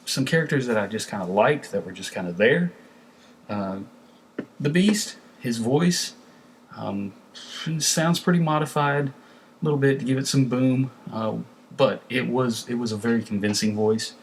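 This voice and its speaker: Low-voiced man rambling through a review. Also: slight background noise, rough recording. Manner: rambling, with many fillers and restarts. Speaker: film reviewer. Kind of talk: casual film review.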